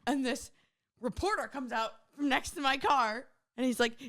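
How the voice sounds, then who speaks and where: Woman, co-host; slightly high voice, animated storyteller with quick jokes. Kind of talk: casual chat.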